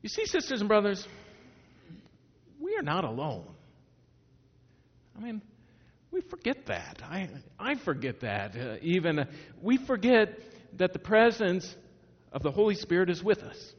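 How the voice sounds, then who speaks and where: A middle-aged man from Northwest Indiana delivers a sermon in a relaxed, storytelling way, stumbling over restarts and asking the congregation questions. His voice sits somewhat high for a man. The recording is slightly muffled and rings with the long reverb of a large hall. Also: unhurried, long pauses. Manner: conversational, restarts and rhetorical questions. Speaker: pastor.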